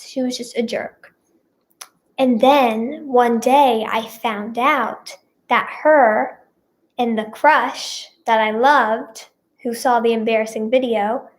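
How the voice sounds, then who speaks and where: A woman vlogger chatting casually through a storytime, rambling with lots of fillers and repeats, and leaning dramatically on her feelings. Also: a little high. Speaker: singer and vlogger.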